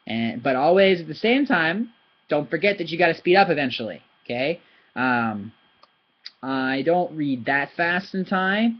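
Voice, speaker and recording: A man who speaks English natively, teaching Thai pronunciation in a casual video lesson, talking in an animated, chatty way and slowly spelling out syllables. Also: fairly high pitch. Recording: slightly dull lo-fi recording.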